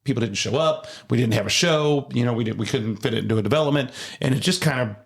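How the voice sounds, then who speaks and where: A man's voice: mid-range voice, fast talker, creaky. A man, a home builder hosting a casual podcast, rambling through stories with many restarts.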